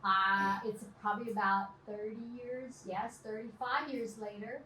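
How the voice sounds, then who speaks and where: A middle-aged woman teacher giving animated, directive instructions to a class of children, laughing often. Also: mid-range voice, unhurried. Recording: roomy, distant, noisy classroom.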